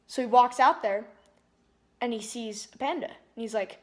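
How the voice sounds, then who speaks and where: A woman's voice: on the high side, moderate pace. Rambling woman retelling a movie. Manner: rambling, heavy use of "like", frequent restarts. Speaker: movie reviewer. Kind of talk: casual plot retelling.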